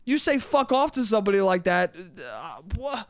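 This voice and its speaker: A young man hosting a solo podcast, telling a story in an animated, profane way and acting out the people in it. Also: sits high, moderate pace. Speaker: podcast host.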